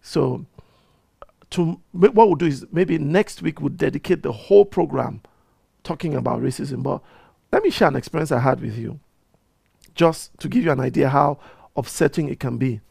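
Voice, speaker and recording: A man, a reverend hosting his own program, telling a personal story in a casual, animated way and often restarting his sentences. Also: a little high, normal speed, gravelly, breathy edge, dry recording, studio quality. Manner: animated storyteller who gets heated and repeats himself. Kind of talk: casual talk-show monologue, personal storytelling.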